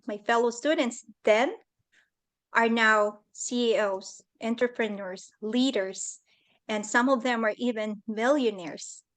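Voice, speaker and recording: A woman speaking as a guest at a leadership summit over a video call, telling a personal story in an earnest, heartfelt way. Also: on the high side.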